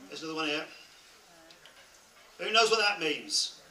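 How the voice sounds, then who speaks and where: A man's voice: fairly high pitch, lively intonation, moderate pace, sharp tone. A man with a Norfolk accent leading a comic audience game on stage, joking and teasing the crowd. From Norwich, England. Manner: jokey, self-deprecating. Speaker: band member hosting audience game. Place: cruise ship lounge. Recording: echoey room from far off, noisy crowd. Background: crowd chatter and laughter.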